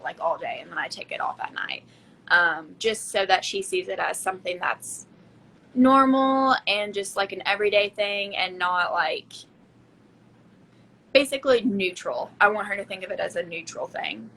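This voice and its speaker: Woman host, bright and forward tone, loose chatty delivery full of fillers. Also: mid-range voice, expressive, normal speed, a little hiss or hum, rough recording. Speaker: podcast host. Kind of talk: casual chat.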